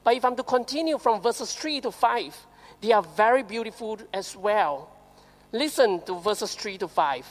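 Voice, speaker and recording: A woman preacher with a Singaporean English accent, giving a lively sermon with rhetorical questions and slowly read scripture. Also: medium pitch. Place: church hall. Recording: reverberant church hall.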